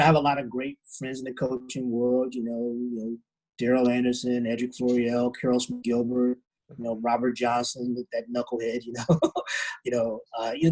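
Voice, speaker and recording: A man's voice: medium pitch, a little mellow, breathy edge, rough recording. A middle-aged man, a head track coach, talking earnestly and reflectively in a podcast interview. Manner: earnest, reflective, unhurried storytelling.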